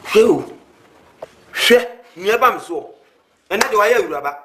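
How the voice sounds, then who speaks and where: A man's voice: sits high, animated, normal speed, background noise. A man with a Ghanaian accent playing an indignant husband in a family film drama, demanding answers. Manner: indignant, questioning.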